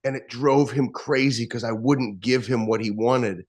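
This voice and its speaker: A man's voice: mid-range voice, steady tone, moderate pace, a little mellow. A man telling a candid, reflective story from his teenage years in conversation. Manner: candid, reflective, acts out quoted lines.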